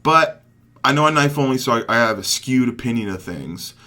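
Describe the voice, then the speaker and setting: A young man giving casual commentary over his own gameplay, excitable, dropping from mumbled asides to loud hype shouts. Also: mid-range voice, brisk. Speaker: gaming commentator.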